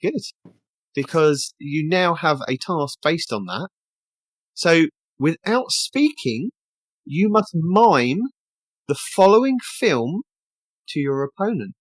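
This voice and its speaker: A podcast host casually chatting and reading out game tasks in a brisk way. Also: medium pitch, very animated, no echo.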